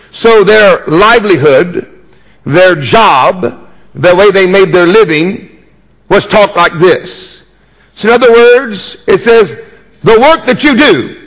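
A man's voice: high voice, fairly bright tone, big-room sound. A man preaching a sermon as pastor, emphatic and jokey, repeating key words and calling for responses.

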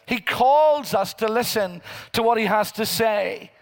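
A man's voice: high voice, expressive, creaky. A man preaching a sermon in a church, reading scripture aloud with emphasis. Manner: preaching slowly, rising into emphatic quoted scripture. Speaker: pastor. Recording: church hall with long reverb.

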